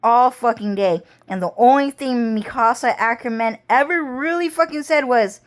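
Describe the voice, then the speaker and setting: A woman talking straight to the camera in a rambling casual monologue, full of swearing and drawn-out phrases. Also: a little high. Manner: rambling, heavy profanity, drawn-out.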